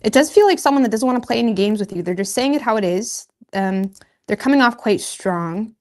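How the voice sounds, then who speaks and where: A woman's voice: a little high, expressive, brisk. A woman giving a casual tarot reading, chatty and loose, laughing at herself and filling her talk with "like" and "you know". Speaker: tarot reader.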